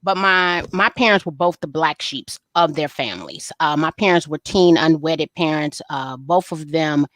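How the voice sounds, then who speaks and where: Lively, folksy woman telling her story. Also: low voice, moderate pace, hardly any pauses, no echo. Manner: animated, folksy storyteller who acts out family dialogue. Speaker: interview guest. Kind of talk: candid storytelling in a live interview.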